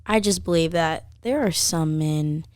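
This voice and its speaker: Podcast guest, woman in her 20s, animated storyteller, slightly low voice, dry booth sound. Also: unhurried, dry recording. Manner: animated, says "like" a lot. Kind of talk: casual storytelling chat.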